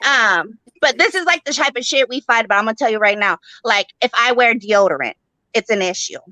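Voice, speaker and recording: A woman's voice: fairly high pitch, animated, fairly quick, sharp tone, dry recording, rough recording. A young woman doing a stand-up set, profane, rambling and brash. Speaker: stand-up comic.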